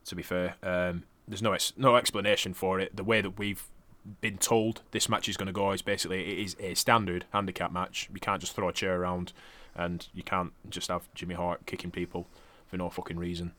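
A man's voice: sits low, level tone, brisk, few pauses, pushed and bright. A man co-hosting a podcast, recapping matches in a laid-back, dry way with casual swearing. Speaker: podcast co-host.

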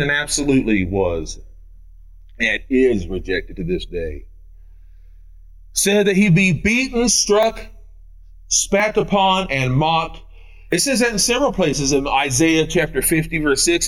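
A man's voice: on the high side, a bit bright. A man preaching an Easter sermon as pastor, running through scripture references with rising emphasis. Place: church sanctuary.

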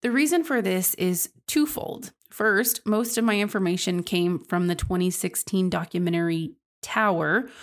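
A young woman hosting a true crime podcast, narrating earnestly and speaking casually to her listeners. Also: on the low side. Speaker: podcast host.

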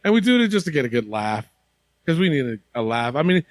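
A man's voice: mid-range voice, big pitch swings, fast, no room sound. A man hosting a wrestling podcast in casual, profane banter, laughing often. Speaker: podcast host. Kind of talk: casual chat.

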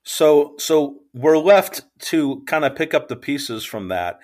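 A man's voice: on the high side, lively intonation, takes it slowly, darkish tone. Rambling, hesitant man podcast co-host. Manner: rambling, hesitant, full of ums. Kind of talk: casual chat recap.

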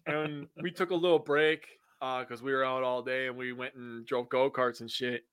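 A man co-hosting a sports podcast in casual chat, getting excited and swearing freely. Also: medium pitch, moderate pace, clear, resonant tone, no room sound.

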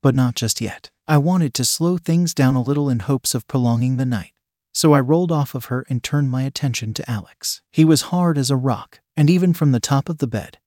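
A man reading a story aloud in a steady, measured narration. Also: mid-range voice, no echo, clean studio sound.

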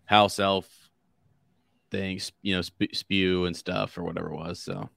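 Brief: deep-voiced male co-host, loose and rambling, dry close mic. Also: level tone, a little slow, gravelly, fairly bright tone, no room sound. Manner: rambling, with frequent restarts and laughter. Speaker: podcast co-host. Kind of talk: casual book discussion.

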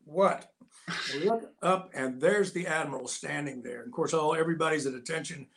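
An older American man, an actor and Navy veteran, telling lively anecdotes as an interview guest and acting out the people he quotes. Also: on the high side, fairly quick. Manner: animated anecdotes with voiced quotes. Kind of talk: casual storytelling.

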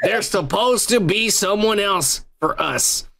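A man's voice: high-pitched, expressive, slow pace, creaky, sharp tone. A man co-hosting a casual podcast, talking in a profane, laughing, rambling way. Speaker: podcast co-host. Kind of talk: casual drinking chat.

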